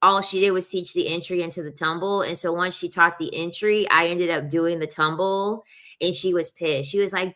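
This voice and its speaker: Young woman rambling casually, lots of "like", bright voice, kinda low pitch. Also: steady tone, normal speed. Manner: laughs while talking. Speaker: podcast host. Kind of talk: casual chat.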